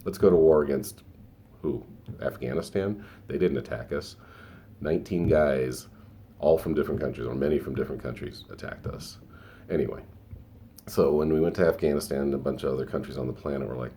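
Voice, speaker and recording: Very deep-voiced man ranting on a podcast. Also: brisk, warm tone, slight background noise. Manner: rambling, self-interrupting rant with frequent restarts. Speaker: podcast host. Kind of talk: solo opinion podcast.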